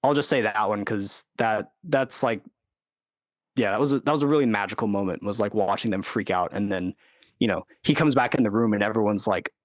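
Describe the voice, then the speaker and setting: On a podcast, a guest who works as a recording engineer and producer speaks briskly in a low-leaning voice. He rambles casually, leaning on "like" and "you know" and acting out quoted lines. The studio-quality recording has no room sound.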